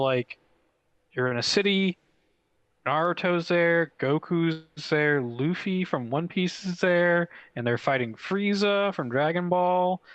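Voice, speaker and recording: Podcast co-host, male, excitable and rambly, close dry mic, no room sound. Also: on the high side, no echo, poor audio. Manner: excitable, rambling with many "like" fillers. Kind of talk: casual chat.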